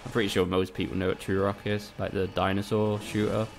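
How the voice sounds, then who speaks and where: Gravelly-voiced man streaming games. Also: fairly low pitch, little pitch movement, brisk, background noise. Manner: swears often, chats with viewers, sarcastic. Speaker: gaming streamer. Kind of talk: casual live-stream commentary.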